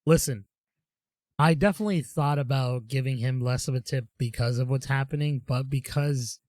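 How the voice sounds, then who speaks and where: A man's voice: medium pitch, normal speed, darkish tone, dry recording. A man co-hosting a casual podcast chat, telling long, rambling stories full of "dude" and "like". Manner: rambling storyteller, says dude. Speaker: podcast co-host.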